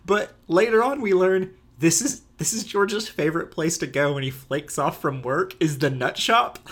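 A man's voice: a little high, moderate pace, a bit bright. A man co-hosting a casual podcast about a film, enthusiastic and laughing often as he acts out lines. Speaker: podcast co-host. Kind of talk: casual film-discussion chat.

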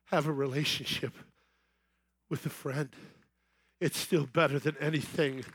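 A middle-aged man giving an evangelistic sermon on a festival main stage, telling a story that builds to excited shouting. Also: on the high side, unhurried, breathy edge, no room sound. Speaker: festival speaker.

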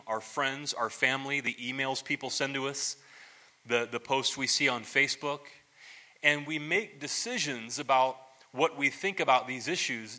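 A man, a pastor, giving a conversational sermon, telling stories with relaxed restarts, asides and self-deprecating humor. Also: mid-range voice.

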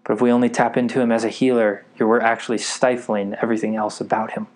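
A man's voice: on the low side, flat delivery, fast. Eager man preaching a sermon. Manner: eager, keeps checking in with the audience.

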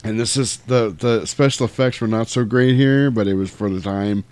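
A man's voice: fairly low pitch, normal speed, clear, resonant tone. A man hosting a casual chat, animatedly retelling a movie scene by scene. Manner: animated storyteller who acts out quotes.

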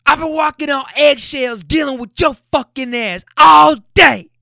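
A man voicing a furious young woman who screams in a street fight, shrill and very high. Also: measured pace, gravelly, bright, forceful tone, no echo, studio quality, heavily acted. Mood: screaming.

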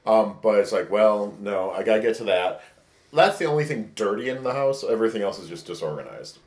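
A man's voice: lowish voice, expressive, brisk, darkish tone. A man co-hosting a podcast who tells a candid, rambling story and acts out the texts he quotes. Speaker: podcast co-host. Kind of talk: casual storytelling. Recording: echoey room.

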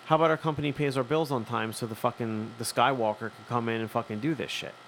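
A man's voice: mid-range voice, fairly even intonation, fast talker, slight background noise. A man, co-hosting a casual chat and acting out both sides of a profane story. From Philadelphia. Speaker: podcast co-host.

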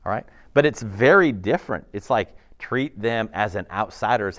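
A man preaching a sermon as a pastor, conversational and animated, with laughs and asides. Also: lowish voice, normal speed, few pauses.

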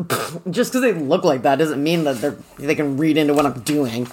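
A woman casually recapping a novel with a co-host, animated and profane, acting out characters' lines. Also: low voice, normal speed, husky. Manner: animated, swears, acts out characters' lines in quotes. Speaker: podcast co-host discussing a book.

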